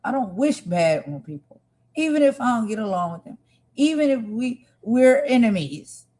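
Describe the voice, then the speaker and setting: A woman's voice: a little high, very animated, normal speed, dark tone, low-quality recording. Impassioned woman hosting a live stream. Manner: emphatic, repetitive, talks straight to viewers.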